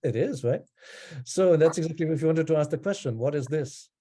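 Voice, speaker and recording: A man teaching an online language class, explaining in a relaxed way with frequent ums and pauses. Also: a little high.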